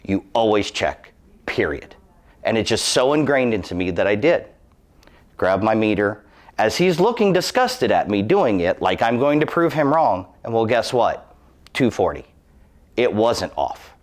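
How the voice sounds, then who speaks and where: A man's voice: fairly low pitch, big pitch swings, unhurried. A man in his thirties telling a personal safety testimonial in an earnest, emphatic, cautionary way. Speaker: employee giving a safety testimonial.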